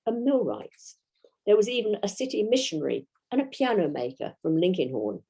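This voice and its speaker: Woman historian lecturing in a mellow tone. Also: medium pitch. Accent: British English. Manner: measured, reads out quotations and dates. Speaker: historian giving a talk.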